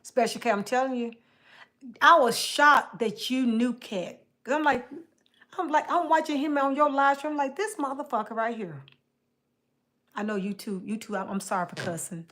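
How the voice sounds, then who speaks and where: A woman's voice: high-pitched, expressive, normal speed, a bit bright. A woman hosting her own livestream, chatting casually with viewers in loose colloquial speech, teasing people by name and repeating phrases for emphasis. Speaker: livestream host.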